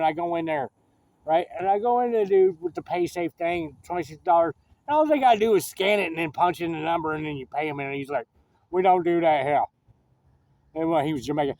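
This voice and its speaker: A man's voice: fairly high pitch, dark tone, slight background noise. A man telling a rambling story in a casual vlog, profane and getting worked up as he goes.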